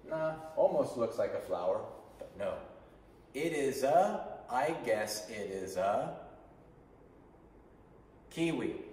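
A man's voice: medium pitch, darkish tone, slight background noise. A man teaching an online English class, patiently drilling sentence patterns for students to repeat. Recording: echoey room from a distance.

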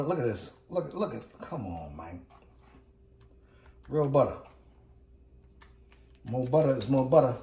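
A man's voice: mid-range voice, dark tone, echoey room, recorded from a distance. A man hosting a casual cooking demo, hyped and repetitive, calling out to his viewers as he works. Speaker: cooking channel host. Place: home kitchen.

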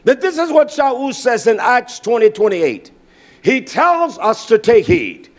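A man preaching a sermon, emphatic, repeating key words, with frequent "uh" pauses and bursts of raised volume. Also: very high-pitched, sing-song.

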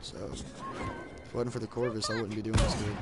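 A man's voice: on the low side, flat delivery, fast, over loud music. Rambling guy talking through his game. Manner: rambling and self-mocking, says dude often. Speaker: gamer streaming his match. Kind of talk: casual gameplay commentary. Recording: loud background noise.

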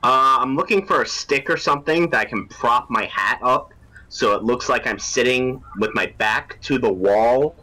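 A man's voice: mid-range voice, moderate pace, sharp tone, poor audio. A man playing in a tabletop role-playing game, explaining his character's moves plainly. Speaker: player. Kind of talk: casual tabletop play.

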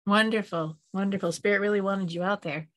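A woman's voice: mid-range voice, steady tone, fairly quick, a bit bright. A woman hosting an interview, reacting with short enthusiastic exclamations and questions. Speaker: host, medium. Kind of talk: interview host.

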